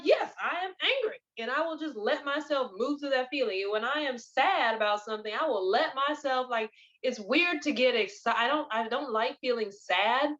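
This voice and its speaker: Bright animated woman podcast host. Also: high-pitched. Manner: animated, expressive storyteller. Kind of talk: casual spiritual chat. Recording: dull lo-fi recording.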